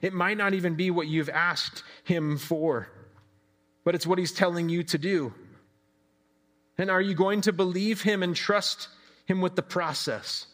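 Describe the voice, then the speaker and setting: A preacher delivers a devotional sermon in an easygoing, reflective way, his voice fairly bright and on the high side for a man, pacing a little slow. He talks conversationally with casual fillers and often poses rhetorical questions to listeners.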